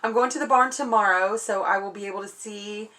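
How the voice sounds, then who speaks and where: A woman's voice: mid-range voice, fairly quick, pushed and bright. A young adult woman, gushing and emotional as she unboxes something on her vlog at home. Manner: gushing, emotional, self-deprecating. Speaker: vlogger. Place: home indoors.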